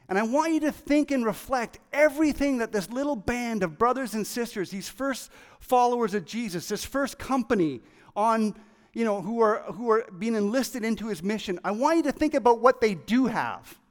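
Excitable high-voiced preacher in a reverberant hall. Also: male voice. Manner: excitable, animated, acts out quoted voices. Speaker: pastor. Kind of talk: sermon. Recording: long reverb of a large hall.

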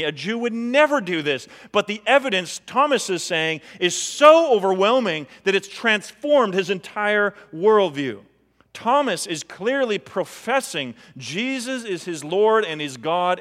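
A man preaching a sermon as a pastor, animated and acting out the voices he quotes. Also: high-pitched, long reverb tail.

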